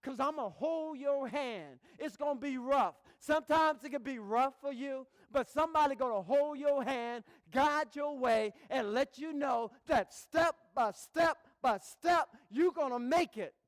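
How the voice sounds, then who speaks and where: A man voicing a motherly nurse who coaxes loudly and emphatically, raised well above his usual pitch. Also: measured pace, few pauses, no room sound, studio quality. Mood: encouraging. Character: encouraging motherly woman nurse.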